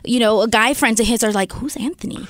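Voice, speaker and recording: A woman's voice: on the high side, steady tone, fast, a bit bright, no room sound. A woman chatting on a podcast, telling candid stories with lots of laughter and swearing. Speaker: guest, partner and manager. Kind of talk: casual podcast chat.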